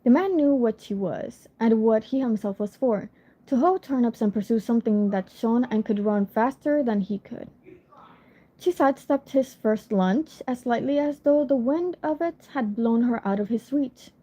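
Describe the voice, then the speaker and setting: Woman reading a storybook aloud, mellow voice, slightly high, lo-fi phone audio. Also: lively intonation, normal speed. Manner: casual, apologetic asides between passages. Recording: lo-fi phone recording.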